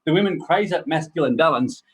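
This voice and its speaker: A man's voice: on the high side, lively intonation, a little fast, husky, poor audio. A middle-aged man giving a blunt, preachy motivational talk to a group, swearing freely as he goes. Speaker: personal development speaker.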